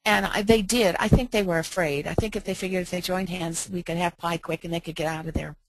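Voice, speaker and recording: A middle-aged American woman telling a heartfelt personal story in a gentle, slow, reflective way with soft pauses. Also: fairly low pitch, steady tone. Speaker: speaker.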